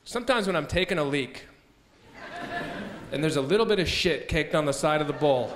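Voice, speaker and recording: A man's voice: on the high side, animated, brisk. A man doing a stand-up comedy set on a festival stage, with a laid-back, rambling delivery and frequent restarts. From United States. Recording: live stage mic with background noise.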